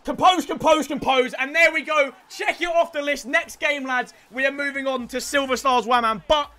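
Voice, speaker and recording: High, bright-voiced young gamer. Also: male voice, fairly even intonation, normal speed. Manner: shouts in bursts, repeats catchphrases. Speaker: gaming YouTuber. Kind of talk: excited gameplay commentary.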